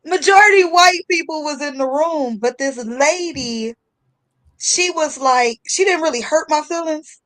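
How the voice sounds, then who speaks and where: High-voiced woman telling a story. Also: measured pace. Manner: animated storyteller, acting out voices. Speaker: livestream guest. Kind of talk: casual storytelling chat.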